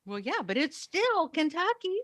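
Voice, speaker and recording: A woman's voice: sits high, very animated, normal speed, a bit bright, no echo. A woman from Ohio co-hosting a morning radio show, teasing and dry, often restarting her sentences. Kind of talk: casual banter.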